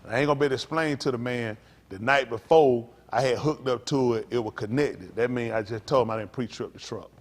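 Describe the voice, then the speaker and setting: A middle-aged male pastor preaching to a congregation, rambling through folksy stories and jumping to loud emphasis. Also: mid-range voice, fairly quick.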